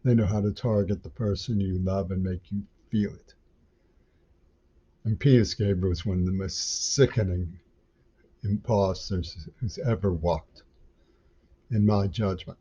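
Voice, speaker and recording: A man's voice: sits low, steady tone, measured pace, long pauses, mellow, breathy edge. A man delivering an angry, rambling monologue that is full of stumbling restarts. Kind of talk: ranting monologue. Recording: dull lo-fi audio.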